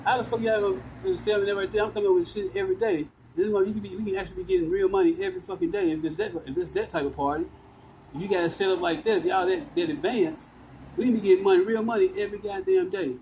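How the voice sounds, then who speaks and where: A man's voice: sits high, racing, darkish tone, slight background noise, poor audio. A man ranting into his phone outdoors, agitated, profane and repetitive. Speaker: vlogger ranting to camera. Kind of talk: rambling outdoor rant. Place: outdoors by walls and concrete.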